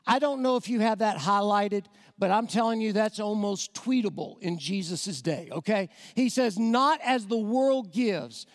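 A man preaching, his voice pitched unusually high for a man. He speaks to the congregation directly and with emphasis, racing through some lines and drawing out others. The sound carries a long, ringing reverb from a large church hall. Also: normal speed, few pauses. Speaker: guest preacher. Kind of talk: evangelistic sermon. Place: church sanctuary.

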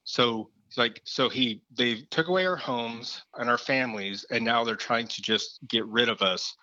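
A man's voice: mid-range voice, a little slow, sharp tone, lo-fi sound. A male guest talking earnestly in a casual way, often saying "like". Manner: earnest, uses fillers like "like". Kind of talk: casual talk.

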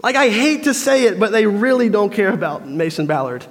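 A man's voice: sits high, sing-song, fairly quick. A man preaching a sermon, telling a story and acting out crowd voices. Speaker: pastor. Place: church. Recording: long reverb of a church hall.

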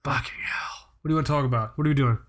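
A man's voice: medium pitch, quick pace. A man co-hosting a podcast, ranting in a profane, exasperated way and laughing often. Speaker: podcast co-host. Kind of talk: casual podcast chat.

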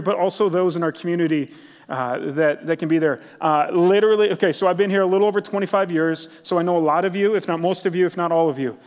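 A middle-aged man pastor giving a casual, enthusiastic sermon, peppered with "like" and "literally". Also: sits high. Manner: casual, enthusiastic, many "like" fillers. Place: church sanctuary. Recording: long church hall reverb.

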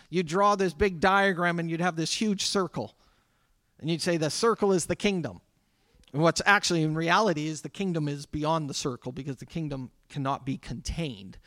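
A man's voice: high-pitched, fairly bright tone, dry recording. A man preaching a sermon to his congregation in a conversational way, with asides to the people in the room. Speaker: pastor. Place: church sanctuary.

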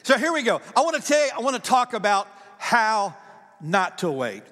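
A male pastor delivers a sermon in a chatty, animated way and keeps asking the congregation questions. His voice sits high for a man. It rings with the long reverb of a church hall. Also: normal speed.

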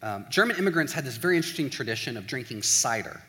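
A college pastor preaching in a relaxed, conversational way, animated, acting out everyday scenes and saying "like" a lot. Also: male voice, medium pitch, racing, big-room sound. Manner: animated, acts out little scenes in quoted voices, says "like" often. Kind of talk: casual conversational sermon.

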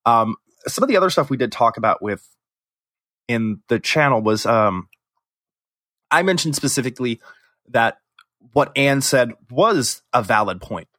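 Male podcast co-host, mid-pitched, rambling and teasing, dry sound. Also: animated, measured pace, long pauses, pushed and bright, no room sound. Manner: rambling, many fillers and restarts. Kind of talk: casual chat. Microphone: remote call recording.

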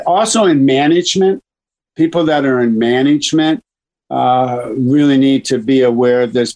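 A man's voice: mid-range voice, a little mellow, poor audio. A man who coaches and manages a baseball team, telling stories in a chatty, rambling way with many restarts on a radio interview.

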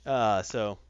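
A man hosting a casual comic book recap, retelling the plot with animated delivery and quick character voices. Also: lowish voice, clean tone, dry recording. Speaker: podcast host reviewing comics. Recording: dull lo-fi dry recording.

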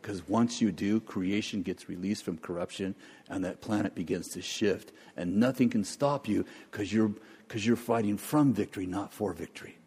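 Animated guy preaching and praying, does little voices, big echoey hall. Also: lowish voice, normal speed, breathy edge. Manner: animated, acts out quoted voices, jokes about accents. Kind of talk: sermon with prayer. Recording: long hall reverb.

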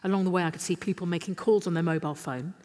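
A middle-aged woman, telling lively, self-deprecating anecdotes as a guest on a festival stage. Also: lowish voice, racing. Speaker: interview guest. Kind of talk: live on-stage storytelling. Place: stage in a large literature festival hall. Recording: live hall with long reverb.

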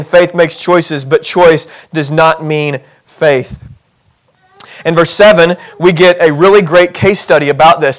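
A man preaching a sermon as pastor of a church, animated and humorous, acting out little scenes in other voices. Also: high-pitched. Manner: animated, acts out voices in scenarios, self-deprecating humor.

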